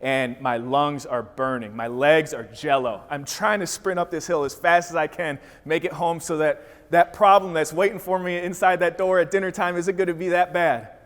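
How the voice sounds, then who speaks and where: Energetic storytelling man in a hall. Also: on the high side, normal speed, hardly any pauses. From Wisconsin. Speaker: speaker. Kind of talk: motivational storytelling speech. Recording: reverberant hall.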